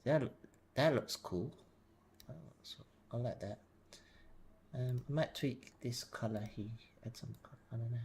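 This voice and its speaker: Quiet mumbling man thinking aloud. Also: medium pitch, measured pace, long pauses. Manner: hesitant, thinking aloud with frequent fillers. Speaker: streamer. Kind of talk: casual live-stream commentary while working. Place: home desk. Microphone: desk mic, sometimes leaning back from it.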